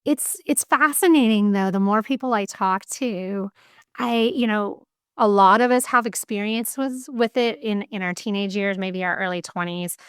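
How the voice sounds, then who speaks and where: Aussie woman hosting a podcast, smooth voice, swears casually, tells stories with lots of energy. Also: medium pitch, moderate pace, no echo, studio quality. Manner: candid, swears casually, animated storytelling. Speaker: podcast host. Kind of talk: casual interview chat.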